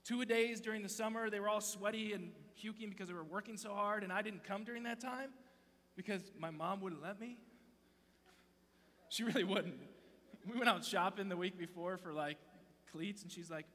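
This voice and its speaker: A man in his thirties giving a joking, animated youth sermon from a church stage, telling stories and interrupting himself. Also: sits high, normal speed. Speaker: youth pastor. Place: large church auditorium stage. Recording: long hall reverb.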